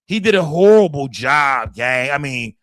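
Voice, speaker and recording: A man from Dallas, hosting a casual livestream, talking in a rambling, profane, animated way into a close mic. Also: medium pitch, measured pace, no room sound. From Dallas, Texas. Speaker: livestream host. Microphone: streaming setup, close mic.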